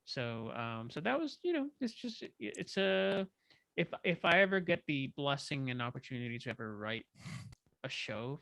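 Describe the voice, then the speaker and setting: An excitable man appears as a filmmaker guest, stumbling through quick restarts as he talks. His pitch is ordinary and mid-range. The recording sounds dry and close. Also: gravelly, dry recording. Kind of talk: casual chat.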